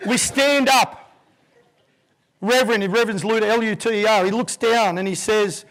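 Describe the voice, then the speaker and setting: A man's voice: high-pitched, moderate pace. A man in his fifties giving a keynote talk, telling a vivid story and acting out the voices in it. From Australia. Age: 50s. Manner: vivid, animated storyteller who acts out voices. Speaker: keynote speaker.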